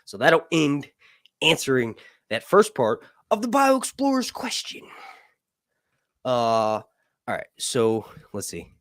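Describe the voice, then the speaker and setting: Rambling, animated man livestream host. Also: medium pitch, takes it slowly, long pauses, no echo, clean studio sound. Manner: rambling, swears casually, asks "right?" often. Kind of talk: casual lore chat.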